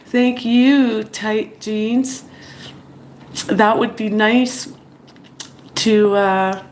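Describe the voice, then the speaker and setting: Slow-talking woman, teary livestream chat. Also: mid-range voice. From Montreal, Canada. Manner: slow, halting, emotional, with many fillers and apologies. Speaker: channel host on a livestream. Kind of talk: casual livestream chat, reading viewer comments.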